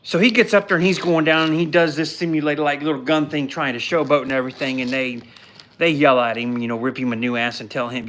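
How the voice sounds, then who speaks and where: A man hosting a live podcast, recapping a television show in a blunt, mocking, animated way. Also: on the high side, brisk.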